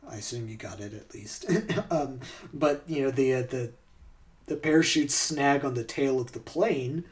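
A man's voice: mid-range voice, moderate pace, distant mic. A man hosting a podcast in casual chat, laughing often and talking with many fillers and restarts. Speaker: podcast host.

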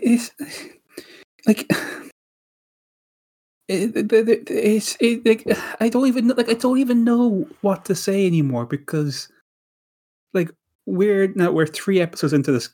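Rambling man with a higher voice. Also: expressive, a little slow, warm tone, husky. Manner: rambling, many restarts and repeated words. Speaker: podcast co-host. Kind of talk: casual chat.

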